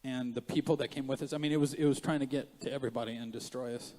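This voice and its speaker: A man's voice: medium pitch, rapid-fire. Passionate preaching pastor, man, big hall. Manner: animated preaching, swings from quiet asides to loud emphatic rises; jokey, self-mocking asides. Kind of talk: sermon. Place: church sanctuary.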